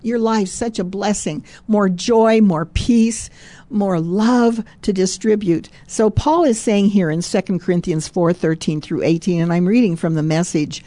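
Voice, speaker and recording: A woman's voice: medium pitch, a little slow, mellow, no room sound. A woman giving a Christian devotional, reading a story aloud and breaking in with chuckles, repeated phrases and "praise God" asides. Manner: emphatic, repeats phrases for stress.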